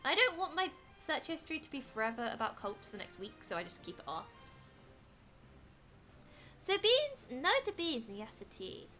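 Bubbly high-voiced British woman streamer. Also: sing-song, normal speed, sharp tone. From Britain. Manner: playful, chatty, exclamatory while gaming. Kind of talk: casual gaming stream chat. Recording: faint background music.

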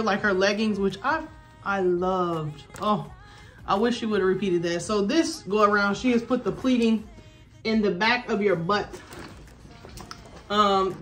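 A young adult woman filming a casual try-on haul at home, chatty and excited, calling viewers y'all and baby. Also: mid-range voice. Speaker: fashion vlogger.

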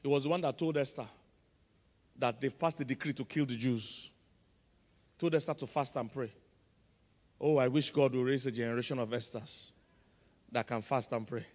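A man with a Nigerian accent, a pastor preaching a sermon with emphatic call-and-response, swinging between loud and soft. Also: medium pitch, steady tone, normal speed, long pauses, long reverb tail. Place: large church auditorium.

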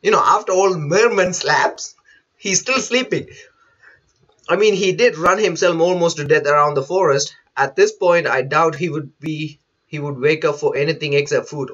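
A man's voice: on the high side, normal speed, fairly bright tone, husky, highs cut off. A man who is not a native English speaker, chatting through a manga chapter live, reading panels aloud and laughing often. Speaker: manga reaction host. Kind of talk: live reaction commentary.

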